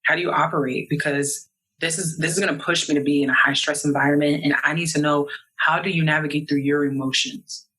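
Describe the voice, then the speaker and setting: Young woman from new york chatting on a podcast, bright husky voice, gets animated. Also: sits low, brisk, low-quality recording. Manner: animated, acts out quoted voices. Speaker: podcast guest. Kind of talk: casual interview chat.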